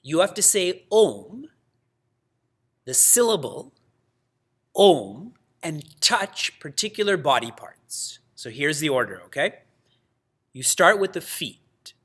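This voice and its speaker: A man teaching a religious class in a lively way, asking his students questions and laughing often. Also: fairly high pitch, takes it slowly, long pauses, breathy edge. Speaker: spiritual teacher.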